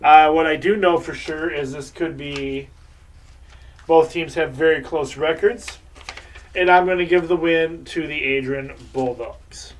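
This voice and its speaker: A man's voice: a little high, steady tone, unhurried, distant mic, slight background noise. A man hosting a local sports show, giving casual, rambling game picks and previews.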